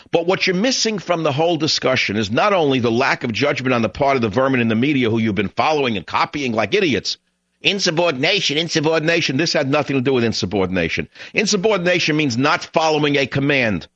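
A man's voice: a little high, fairly bright tone, dry recording. Ranting male talk radio host. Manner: angry, ranting, rhetorical questions. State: voice strained. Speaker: radio talk show host taking calls. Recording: dull, dry broadcast audio.

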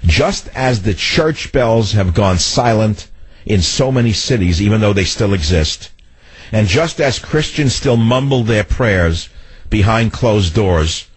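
A middle-aged male talk radio host with a lowish, husky voice. He rants in a mocking, sardonic way. His monologue is delivered from a radio studio mic. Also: poor audio.

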